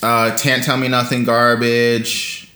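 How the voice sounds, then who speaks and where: A man's voice: mid-range voice, completely flat delivery, slow, bright, forceful tone, echoey room. A man co-hosting a casual podcast, blunt and dismissive, swearing freely as he trashes things and runs a quiz. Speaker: podcast co-host. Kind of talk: casual chat.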